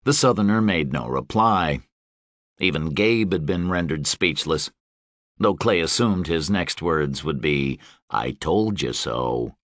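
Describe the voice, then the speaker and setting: A man narrating a fantasy audiobook in a steady, even storytelling delivery. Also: low voice, unhurried, dry recording, clean studio sound. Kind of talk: scripted narration.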